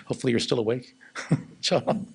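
A man giving an Islamic lecture in a low monotone, then taking audience questions. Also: fairly quick, gravelly, breathy edge, low-quality recording. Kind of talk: religious lecture with Q&A.

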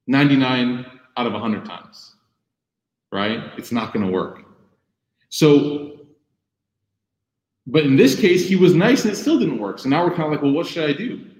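A young man giving a sermon, telling personal stories lively and acting out the voices in quotes. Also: medium pitch, measured pace, long pauses. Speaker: Muslim speaker giving a talk. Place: room with audience. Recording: echoey room.

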